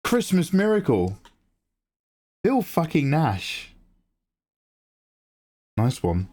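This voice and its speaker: A man who streams his drawing and chats excitedly, swearing freely and reading out viewer messages. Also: a little high, extremely slow. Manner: excitable, swears freely, reads chat aloud. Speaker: live-streaming artist. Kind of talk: casual livestream chat.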